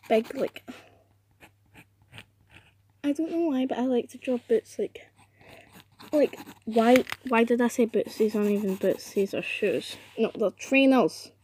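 A woman's voice: on the high side, slow, long pauses, darkish tone, slight background noise. A young woman chatting casually while drawing, rambling and making fun of herself. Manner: chatty, self-deprecating, rambling. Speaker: vlogger.

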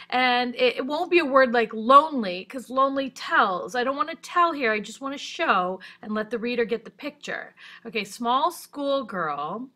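A woman's voice: on the high side, bright, forceful tone. A woman teacher giving a chatty, upbeat writing lesson over a screen recording, thinking aloud as she goes.

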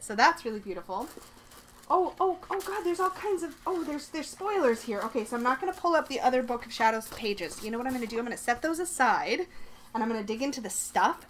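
A woman casually chatting to camera while unboxing, excitable and gushing, talking to herself as she goes, in her bedroom. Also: fairly high pitch, a little hiss or hum. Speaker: vlogger unboxing a subscription box.

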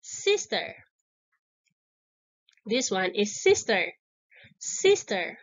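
A woman leads a children's English lesson at a very slow pace, saying each word twice. Her voice is high and bright, and her pitch rises and falls a lot as she praises the class. The recording sounds dull and lo-fi. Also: very animated. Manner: encouraging, drawn-out words repeated twice. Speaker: teacher.

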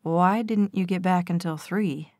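A woman doing a gentle, protective young man. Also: lowish voice, a little slow, dry recording, clean studio sound, natural voice. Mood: tender. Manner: soft, gentle, firm when pressed.

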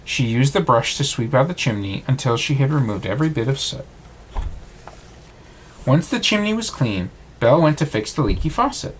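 A man reading a bedtime storybook aloud, with expressive reading. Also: medium pitch, moderate pace, slight background noise.

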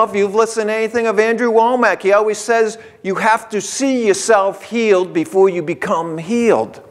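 A male pastor with a notably high voice delivers a sermon in his church. He talks in an easy, conversational way and drives his points home by repeating key phrases. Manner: conversational preaching with emphatic repetition. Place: church sanctuary.

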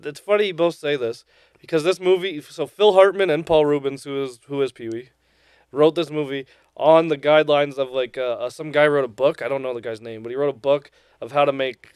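A man's voice: on the high side, fairly even intonation, a little fast, darkish tone, clean tone, dry recording. A man co-hosting a podcast in casual chat, teasing his friends, laughing often and swearing casually. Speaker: podcast co-host.

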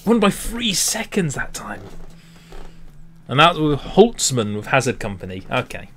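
Young man commentating gameplay, excitable and swears at the game, swings his pitch a lot. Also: unhurried, a little hiss or hum. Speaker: gaming YouTuber. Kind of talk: let's play commentary.

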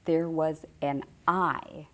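A woman's voice: low voice, fairly even intonation, drawn-out words, fairly bright tone. A middle-aged woman giving an informal spiritual teaching to a group, conversational and repeating phrases for emphasis.

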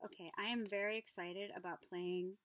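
A woman hosting a craft channel, opening a mail package and gushing over each item with gasps, soft whispers and breathy exclamations. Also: medium pitch, steady tone, normal speed. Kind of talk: casual unboxing chat.

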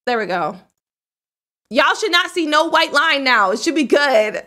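Bubbly, bright-voiced woman streamer. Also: high voice, normal speed. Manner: chatty, excitable, talks to chat. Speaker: game streamer. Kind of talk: casual live-stream chat.

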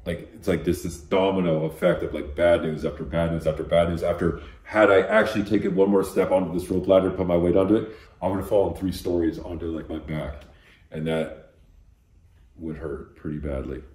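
A man with a low voice tells his story in loose, rambling bursts, swearing freely and padding every thought with "like." It sounds like a relaxed interview recorded in an echoey room. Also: fairly quick. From Los Angeles. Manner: profane, rambling, lots of "like". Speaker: graffiti artist guest.

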